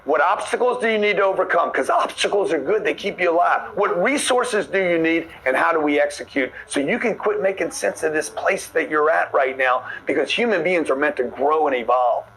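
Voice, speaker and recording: A man's voice: on the high side, expressive, brisk, few pauses, a bit bright, low-quality recording. A man giving a blunt, preachy motivational talk, pushing his listeners hard. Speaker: motivational speaker.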